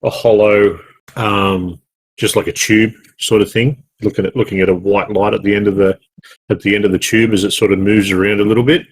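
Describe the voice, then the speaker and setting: A man's voice: on the low side, little pitch movement, a little fast, a little hiss or hum. An Australian man co-hosting a gaming podcast, chatting casually in a rambling, jokey way with many self-corrections. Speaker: podcast co-host. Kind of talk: casual chat.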